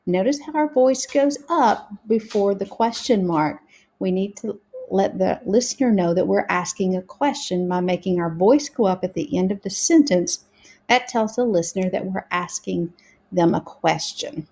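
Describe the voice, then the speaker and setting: A woman teaching a reading lesson to young learners, sounding out words slowly and carefully. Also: medium pitch, a little mellow.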